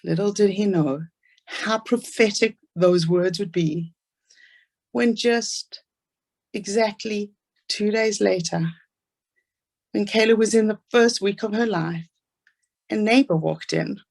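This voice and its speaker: A woman's voice: mid-range voice, creaky, a little mellow. A woman with a South African accent giving an earnest, inspirational talk about her own life. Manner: earnest storytelling, fast asides. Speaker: speaker.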